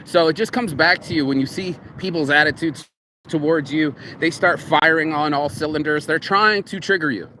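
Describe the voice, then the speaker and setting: A man talks outdoors in a yard, a casual motivational monologue that wanders from thought to thought. His voice sits a little high, and he swears freely. The outdoor recording carries clear background noise. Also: moderate pace. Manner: rambling, animated, swears freely. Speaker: vlogger.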